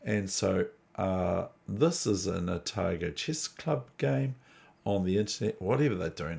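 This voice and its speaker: Gravelly, rambling New man. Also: low-pitched, animated, normal speed, darkish tone. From New Zealand. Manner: digressive, chatty, self-deprecating. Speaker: chess channel host. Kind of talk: casual rambling commentary.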